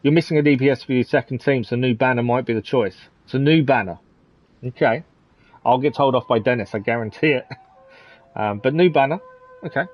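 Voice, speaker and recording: A man's voice: mid-range voice, a little fast, highs cut off. Chatty man streaming a game. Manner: chatty, chuckles often, talks to the chat. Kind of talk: casual live stream commentary.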